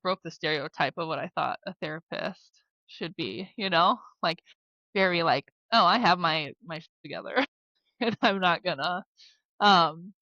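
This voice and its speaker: Bright-voiced chatty Midwestern woman. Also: on the low side, dry recording. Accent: American Midwest. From South Dakota, USA. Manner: chatty, lots of "like" and "you know", laughs easily. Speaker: podcast guest, former basketball player and therapist. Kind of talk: casual interview storytelling. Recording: slightly dull dry podcast audio.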